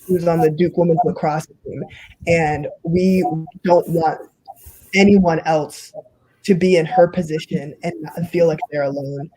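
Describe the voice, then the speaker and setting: A woman's voice: low-pitched, steady tone, unhurried, mellow, slightly rough, dry recording, low-quality recording. A young woman who is a college athlete, speaking earnestly as an advocate on a casual panel. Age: young adult.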